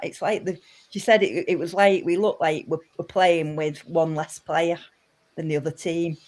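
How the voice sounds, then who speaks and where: A woman's voice: low-pitched, normal speed. A woman speaking as a podcast guest, casual and emphatic. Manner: animated, emphatic. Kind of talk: casual chat.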